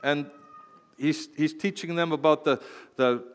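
A man preaching a sermon as pastor, playful and animated, swinging from quiet asides to loud exclamations. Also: on the high side, measured pace, clear, resonant tone. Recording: long hall reverb.

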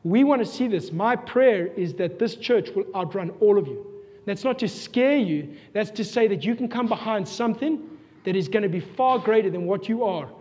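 South African pastor, high male voice, earnest sermon full of questions, church-hall reverb. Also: lively intonation, moderate pace, a little mellow. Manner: earnest, rhetorical questions, repeats himself.

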